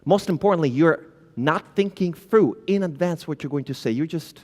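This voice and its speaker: Animated man speaking on a conference stage. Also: on the high side, normal speed. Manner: animated, addresses the audience directly; acts out flustered founders with filler words. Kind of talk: conference talk. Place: conference hall. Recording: long hall reverb.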